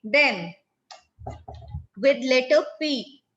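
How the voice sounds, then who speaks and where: Woman, French teacher, video call class, slow careful speech, bright tone. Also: high-pitched, animated, highs cut off. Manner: calls on students by name, repeats answers.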